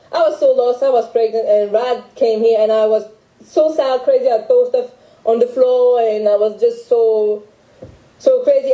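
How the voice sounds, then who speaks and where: Young woman, french accent, halting restarts, higher pitch, very dark tone, roomy echo. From France. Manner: halting, with many restarts and fillers. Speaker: guest telling her story. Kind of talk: emotional personal account.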